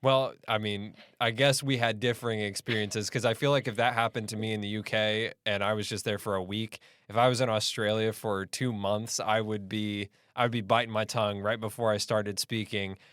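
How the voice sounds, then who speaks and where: A man in his twenties from the United States hosting a podcast, asking relaxed, rambling questions. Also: fairly low pitch, moderate pace, hardly any pauses, smooth, no echo, clean studio sound. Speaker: podcast host. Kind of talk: casual interview chat.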